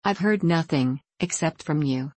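A woman reading the lines of a stern, blunt young man in an audiobook, in a curt, sharp way. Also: deep voice, unhurried, dry recording.

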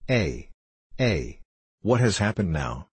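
Reader as a nervous old curate, stammering, husky and low-pitched. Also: male voice, sing-song, takes it slowly, darkish tone, no echo, heavily acted. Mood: frightened. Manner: stammering, anxious. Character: timid older male village priest, fearful and peevish.

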